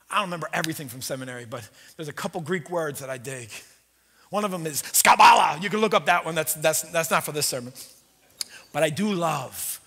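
A man preaching a sermon in a church, telling the story in a lively, conversational way with jokes. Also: a little high, slightly rough. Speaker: pastor. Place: church sanctuary. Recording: reverberant church hall.

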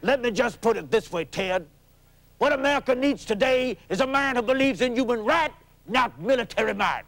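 A man's voice: extremely high pitch, lively intonation, normal speed, vocal fry, a bit bright, pitched above the performer's own voice, heavily acted. A man doing an impression of a rhyming preacher-politician in a TV comedy sketch, with rhythmic, rousing oratory. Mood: defiant.

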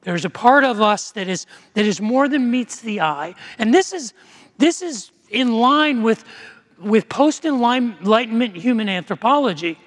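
A man's voice: very high voice, expressive, unhurried. A male pastor preaching a sermon in a conversational storytelling way, with frequent restarts. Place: church sanctuary. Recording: long church reverb.

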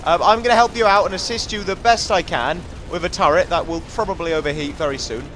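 A man's voice: sits high, quick pace, a bit bright, slight background noise. A young English man giving jokey, chatty commentary over a video game, talking to the enemies on screen. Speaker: gaming commentator. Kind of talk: casual let's-play commentary.

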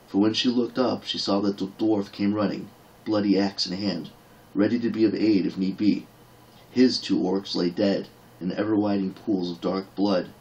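A man's voice: on the low side, low-quality recording. A man reading a fantasy novel aloud as an audiobook narrator, dramatic in action scenes.

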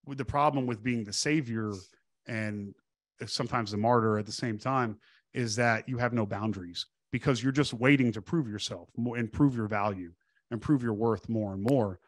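With a fairly low voice and no audible room, a middle-aged man from Texas chats on a podcast, cursing freely and animatedly imitating the people in his stories, often restarting mid-line.

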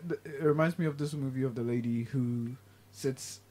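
A man hosting a casual podcast chat, reacting with short interjections and quick questions. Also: medium pitch, warm tone. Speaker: podcast host.

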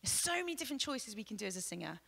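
A woman from England, teaching a live vocal masterclass, chatty and demonstrative, with loud sung demos and soft asides. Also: on the high side, sing-song, rapid-fire, gravelly. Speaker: vocal coach. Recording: long hall reverb.

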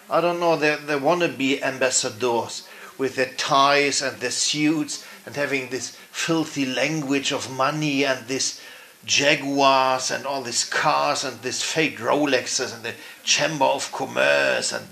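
A man's voice: mid-range voice, vocal fry, pushed and bright. A middle-aged man whose first language is German, ranting furiously in English with a German accent, swearing and rambling as a frustrated business owner. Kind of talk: angry rant to camera.

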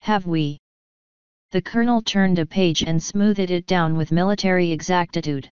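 A woman reading an audiobook in calm, even, scripted narration. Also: lowish voice, normal speed, clean tone, dry recording. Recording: dull lo-fi sound.

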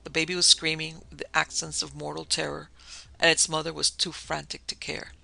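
A man narrating a gothic ghost story as a podcast host, in a measured, solemn reading style with a gravelly voice. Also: a little high, completely flat delivery, sharp tone, low-quality recording.

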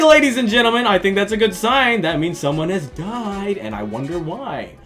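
Male let's-play host, lively swooping delivery, excitable and jokey, faint music behind. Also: high-pitched, brisk. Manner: excitable, jokey, bursts into shrieks and laughter. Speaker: gaming channel host.

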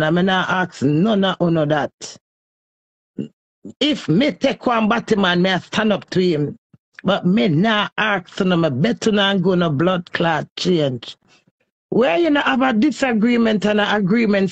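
A woman's voice: mid-range voice, vocal fry, no echo. A woman with a Jamaican accent ranting heatedly and scolding someone in a repetitive live stream.

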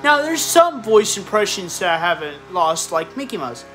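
A man's voice: high voice, very animated, normal speed, fairly bright tone, faint music behind. A man talking casually to camera as a video creator, rambling and stumbling over his words. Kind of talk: casual vlog talk.

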